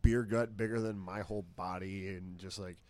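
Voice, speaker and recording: A man's voice: low voice, fairly even intonation, moderate pace, darkish tone. A man from Minnesota co-hosting a casual chat, joking and swearing freely as he riffs. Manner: profane, joking, riffs with mock quotes.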